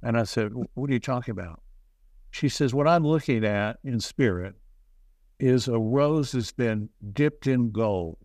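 A man's voice: medium pitch, a little mellow, dry recording. Guy rambling thru a story, lots of restarts, pokes fun at himself, dry close mic. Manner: rambling, halting, self-deprecating. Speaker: interview guest. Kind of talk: casual storytelling.

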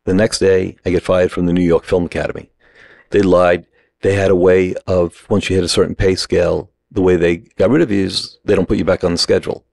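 A middle-aged man with a low, gravelly voice tells a story in short, punchy sentences. He slips into the other people's voices as he acts out their lines. The sound is dry and close. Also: little pitch movement, a little fast, darkish tone, no room sound. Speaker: acting teacher, podcast guest. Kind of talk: animated storytelling.

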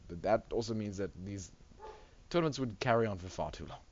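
A man's voice: fairly low pitch, lively intonation, brisk, darkish tone, highs cut off, a little hiss or hum. A man hosting a game tournament in casual, rambling commentary, laughing often between remarks.

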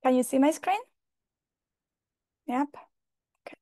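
A woman's voice: high voice, fairly even intonation, measured pace, pauses often, mellow, no room sound, clean studio sound. A woman presenting on a video call, emotional and apologetic, flustered by screen sharing. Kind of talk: online conference talk.

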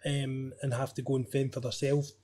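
Male podcast host, mid-range voice; relaxed, jokey, friendly banter. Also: medium pitch, moderate pace. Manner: chatty, jokey, matey. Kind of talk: casual interview chat.

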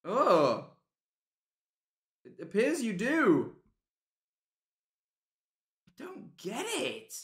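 A British man streaming live, reacting to videos with excitable, swearing commentary that bursts into yelling. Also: sits high, very slow, pauses often.

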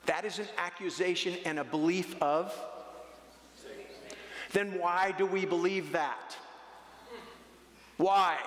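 A man's voice: high voice, fairly bright tone. A male pastor preaching a sermon in a church sanctuary, emphatic and conversational, acting out voices of the figures he quotes. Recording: echoey church hall.

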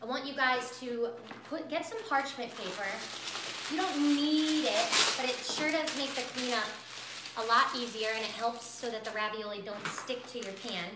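A woman's voice: on the high side, normal speed, reverberant, very noisy. A woman teaching a live cooking class from her kitchen, bubbly and chatty, talking straight to her viewers. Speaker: cooking instructor. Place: home kitchen.

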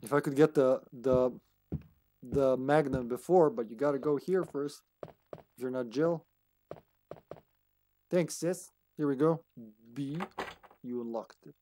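A man's voice: medium pitch, slow, long pauses, a little hiss or hum. Playful man streaming a game. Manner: playful, jokey, laughs often, bursts of excitement. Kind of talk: casual let's-play commentary.

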